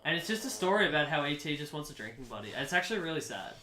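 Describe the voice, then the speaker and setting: A man telling a made-up story for laughs, with a deadpan and animated delivery. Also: on the high side, rapid-fire, echoey room. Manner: animated, deadpan nonsense told as fact. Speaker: podcast co-host. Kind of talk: comedic improvised storytelling.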